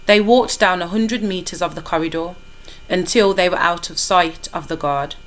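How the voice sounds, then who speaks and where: A woman teacher reading a children's novel aloud to her class in a lively, expressive way. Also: lowish voice, moderate pace.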